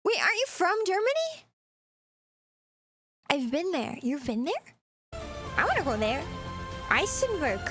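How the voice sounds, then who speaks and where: A giggly woman streamer with a high, bouncing voice reacts casually, taking her time as she sounds out unfamiliar words. Music plays clearly beneath her talk. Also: huge pitch swings, measured pace, long pauses. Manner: giggly, sounding out place names. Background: background music.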